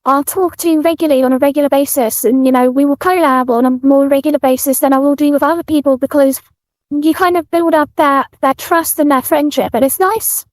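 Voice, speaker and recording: A woman from the UK with a British accent, chatting as a guest in an interview, soft-spoken with many fillers and restarts. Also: high-pitched, steady tone, brisk, no echo. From United Kingdom. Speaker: guest streamer. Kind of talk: casual interview chat.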